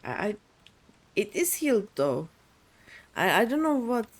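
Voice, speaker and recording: A woman streamer comments casually on her game, playfully humming and muttering as she plays. Her voice is medium-pitched, very animated, and a little slow.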